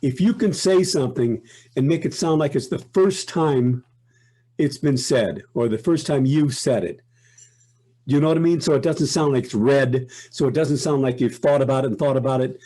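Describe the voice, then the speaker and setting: An older man, a voice actor, chatting as an interview guest in a reflective, unhurried way that often breaks off and restarts. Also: medium pitch, dark tone, breathy edge. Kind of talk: casual interview chat.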